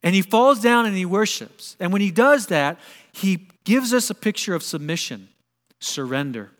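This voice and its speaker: A man preaches a sermon in a high voice, pressing his points earnestly and leaning on rhetorical questions. His words ring out with the long reverb of a large church sanctuary. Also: expressive, moderate pace, fairly bright tone. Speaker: pastor.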